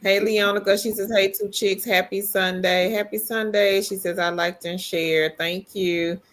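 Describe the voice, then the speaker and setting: A woman's voice: medium pitch, steady tone, unhurried, fairly bright tone. A woman co-hosting a casual livestream, chatty as she greets viewers and reads their comments aloud. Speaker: livestream co-host. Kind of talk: casual live chat.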